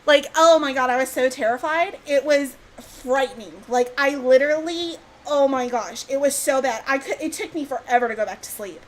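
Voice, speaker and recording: A woman's voice: high-pitched, normal speed, hardly any pauses, rough recording. A young woman, a podcast host animatedly telling a scary story in casual chat. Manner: animated, excitable, swears mildly.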